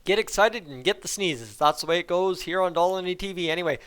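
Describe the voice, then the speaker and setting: A middle-aged man hosting a hockey post-game review, talking in excitable, sarcastic, animated rants. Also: high voice, fast talker, smooth. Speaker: hockey vlogger.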